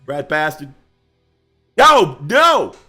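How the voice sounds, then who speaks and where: A man with a high, lively voice hosts a casual livestream. He talks loudly and laughs often, teasing the others in playful banter. Faint music plays underneath. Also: drawn-out words. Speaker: host.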